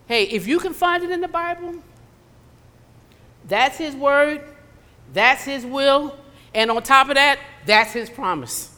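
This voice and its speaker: A woman's voice: high-pitched, lively intonation, measured pace, long pauses, bright, forceful tone. A woman preaching a conversational sermon in a church, slipping into acted asides. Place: church sanctuary. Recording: long hall reverb.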